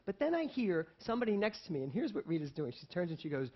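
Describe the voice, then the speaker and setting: On a dull lo-fi recording, a pastor with a voice on the high side speaks fast with few pauses. During his sermon he animatedly recounts a personal story, impersonating those in it and laughing between lines.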